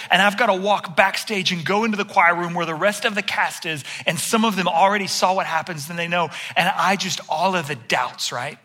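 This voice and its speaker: A pastor with a very bright, tense edge to his voice tells a story on himself with plenty of humor. He is a middle-aged man, fairly high for a man, and he preaches in a lively, storytelling way. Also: a little fast, few pauses. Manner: animated storyteller, self-deprecating humor. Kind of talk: sermon with personal story.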